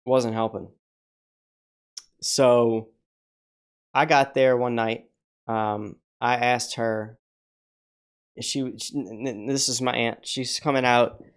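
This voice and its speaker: A man's voice: mid-range voice, slow, pauses often, clear, resonant tone. Rambling man telling stories on a livestream. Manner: rambling, with frequent restarts and mild swearing; animated, acts out the voices of people in his stories. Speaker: livestream host. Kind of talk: casual livestream storytelling.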